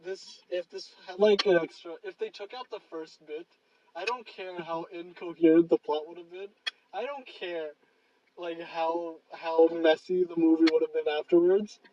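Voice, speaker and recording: A man's voice: fairly high pitch, steady tone, moderate pace, recorded from a distance, lo-fi sound, crowd noise. A man co-hosting a podcast, chatting casually about movies in a rambling way with many fillers. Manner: rambling, lots of fillers and laughs. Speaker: podcast co-host. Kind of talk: casual movie review chat.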